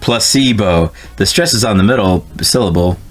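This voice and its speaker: A man's voice: medium pitch, fast talker, fairly bright tone, soft background music, close to an everyday voice. A man voicing a smug, shady middle-aged businessman as he reads game dialogue aloud. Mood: salesy.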